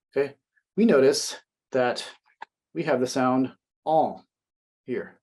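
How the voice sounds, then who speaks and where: A young man teaching a French lesson, explaining words slowly and translating each phrase. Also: mid-range voice, a little mellow, breathy edge. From United States. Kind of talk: classroom language lesson.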